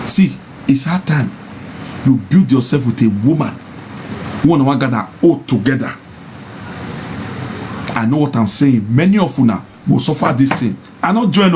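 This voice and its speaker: A man with a Nigerian Pidgin accent preaching about marriage to men in a monologue. He repeats his points and rises into high mocking taunts. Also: a little mellow, a little hiss or hum. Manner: insistent and repetitive, mocking, rising to high taunts. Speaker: social media personality.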